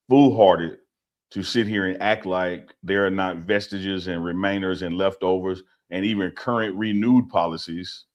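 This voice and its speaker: A man hosting a casual talk show, speaking in a measured, halting way with repeated starts. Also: sits low.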